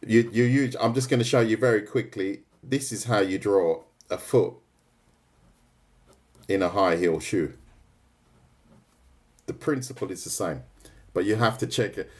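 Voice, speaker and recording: A man's voice: fairly low pitch, measured pace, long pauses, darkish tone. A man leading a live drawing tutorial, chatting casually with his viewers and often checking in with "right?" and "mate". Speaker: art tutor streaming live.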